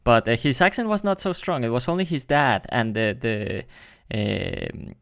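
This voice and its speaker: A man's voice: mid-range voice, lively intonation, unhurried, creaky, no room sound, clean studio sound. Hesitant man. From Mexico. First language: Spanish. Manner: hesitant, many fillers. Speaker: reaction channel host. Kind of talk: casual reaction commentary.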